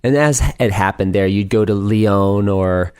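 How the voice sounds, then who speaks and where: A middle-aged man with a fairly low voice tells stories as a podcast guest. He is chatty, laughs easily and slips into other people's voices for quotes. The sound is dry and close. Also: unhurried, a little mellow, clean tone, no echo. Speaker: guest, speed climber. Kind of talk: casual storytelling interview.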